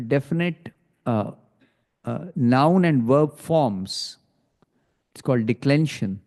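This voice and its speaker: A man giving a scripture class, explaining slowly and deliberately, often pausing to check with a "hmm?". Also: mid-range voice, warm tone. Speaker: teacher of scripture. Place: temple hall. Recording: long hall reverb.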